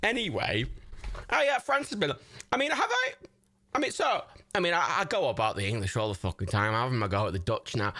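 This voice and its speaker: With a pushed, bright voice, very animated and a little fast, a livestream host chats into his microphone while watching a movie alongside his viewers. Laughter breaks out often, profanity flows freely, and his pitch swings all over the place.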